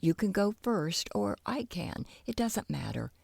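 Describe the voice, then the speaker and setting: A woman's voice: fairly low pitch, sing-song, measured pace, vocal fry, a little mellow, husky, dry recording, exaggerated voice. A woman voicing a boastful, careless young boy in a children's storybook, cocky and chatty. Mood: explaining.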